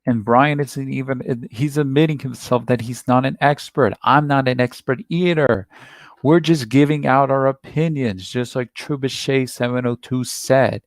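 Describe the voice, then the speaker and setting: Talking through a clip on his reaction video, this man sounds mid-range and keeps a moderate pace in a dry recording. His casual commentary is rambling, repetitive, and defensive.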